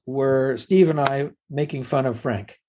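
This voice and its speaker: A man appears as a guest puppeteer in a casual interview, telling stories with chuckles and trailing restarts. His voice is mid-range at a measured pace. The audio is poor, with a crowd audible in the background.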